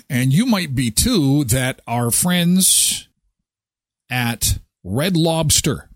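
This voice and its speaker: A man's voice: no echo, clean studio sound. A man hosting a live morning talk show, telling stories in a casual, joking way and acting out scenes. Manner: animated storytelling, acting out scenes in squeaky voices. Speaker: host.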